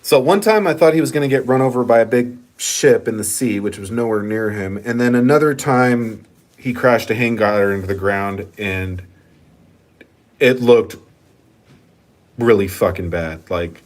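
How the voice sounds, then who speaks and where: Speaking at normal speed with a medium-pitched voice, the male channel host rambles through viewer comments in a casual vlog. He's laid-back and swears freely as he goes.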